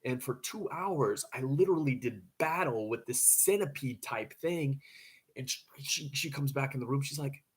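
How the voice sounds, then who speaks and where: A man's voice: mid-range voice, animated, normal speed, breathy edge. A man casually telling a story to camera, rambling, with frequent stammering restarts.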